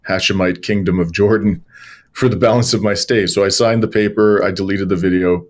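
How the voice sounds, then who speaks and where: A man, a journalist and lawyer, telling animated stories as an interview guest, with many fillers and restarts. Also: deep voice, brisk. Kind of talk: conversational interview storytelling.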